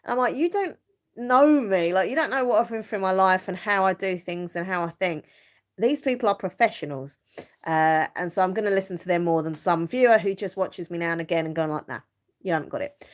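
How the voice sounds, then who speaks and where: A middle-aged woman talks casually to her live stream viewers. Her voice sits a little low, and she rambles along with plenty of fillers and easy laughter. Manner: chatty and rambling, many fillers, laughs easily. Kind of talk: casual chat.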